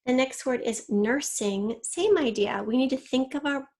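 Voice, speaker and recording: A woman with a fairly high voice teaches a recorded spelling lesson for children. She is patient and methodical, working through each rule one step at a time and drawing out the target words slowly so they can be heard clearly. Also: a little mellow. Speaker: third grade teacher.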